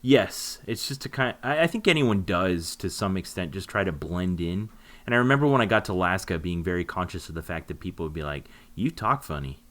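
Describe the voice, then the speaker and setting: Man, very deep voice, podcast co-host, relaxed storyteller, dry humor. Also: a little fast. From Oklahoma, United States. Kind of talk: casual chat.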